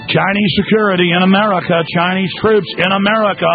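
A man's voice: high voice, steady tone, quick pace, soft background music. A man hosting a talk radio show, ranting heatedly and calling his listeners folks. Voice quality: gravelly, raspy. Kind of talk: angry talk radio monologue. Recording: dull lo-fi radio sound.

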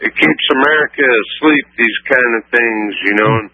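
A man's voice: medium pitch, normal speed, bright, forceful tone, no room sound. A man calling in to a talk radio show, rambling with lots of "you know" and "I mean". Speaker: caller. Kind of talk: phone-in call. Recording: muffled call on radio.

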